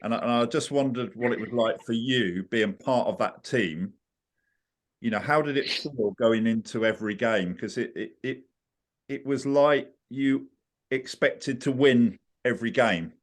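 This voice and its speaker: A man's voice: mid-range voice, measured pace. Male podcast host asking questions. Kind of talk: interview questions.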